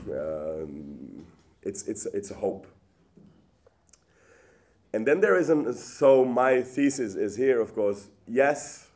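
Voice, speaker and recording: A man giving a public lecture in a hall, with lively rhetorical questions and frequent restarts. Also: on the low side.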